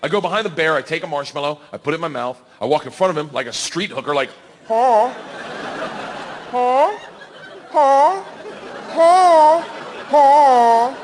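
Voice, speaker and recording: Stand-up comic, man in his thirties, highish voice, rowdy storyteller; live stage recording with hall reverb. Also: very fast, hardly any pauses, a faint crowd, a little hiss or hum. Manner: loud animated storytelling, yelling bits, laughing through lines. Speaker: stand-up comedian. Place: comedy club stage before a laughing audience.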